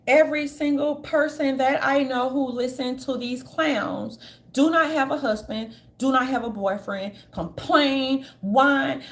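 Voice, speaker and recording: Blunt high-pitched woman ranting. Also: unhurried. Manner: blunt, profane, mocking quoted voices. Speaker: commentary channel host. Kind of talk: casual opinion monologue.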